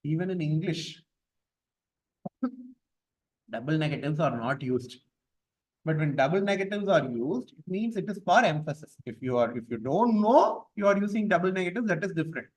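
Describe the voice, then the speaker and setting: A man teaching a class on scripture verses. He explains each point patiently with repetition and chants the verses slowly. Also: fairly high pitch, expressive, a little mellow, slightly rough, low-quality recording.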